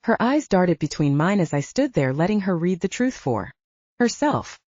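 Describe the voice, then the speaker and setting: A woman narrates a romance audiobook in a low, warm voice. Her reading is steady but animated in pitch. The recording is dry and somewhat dull. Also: moderate pace, no echo. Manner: first-person, steady reading. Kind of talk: scripted narration.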